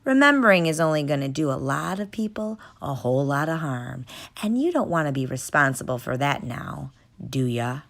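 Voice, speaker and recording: A woman's voice: sits low, very animated, moderate pace, creaky, heavily acted. Woman doing a bullying, barking security guard. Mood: coldly threatening. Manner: barking, bullying, shouting orders. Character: gruff menacing male zoo security guard.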